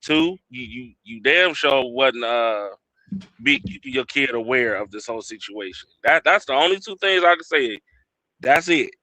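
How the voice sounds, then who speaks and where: Man, bright voice, dry sound, stutters, restarts, blunt casual talk. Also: mid-range voice, expressive, unhurried, no echo. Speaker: panel guest. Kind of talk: casual podcast debate.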